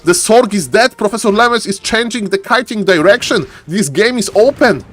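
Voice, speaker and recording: A man giving excitable live commentary on a strategy game as a streamer, often calling out to the audience. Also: sits high, normal speed. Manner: excitable, repeats catchphrase "ladies and gentlemen". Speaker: esports caster.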